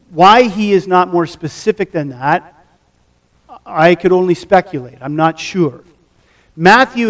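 A middle-aged pastor preaching a sermon, teaching the passage and putting questions to the congregation. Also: male voice, on the high side. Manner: teaching, asks the audience questions.

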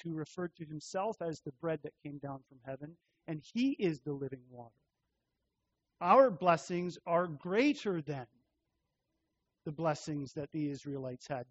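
A man preaching a sermon as pastor, teaching through a scripture passage in a measured way and repeating key phrases for emphasis. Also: fairly high pitch, highs cut off.

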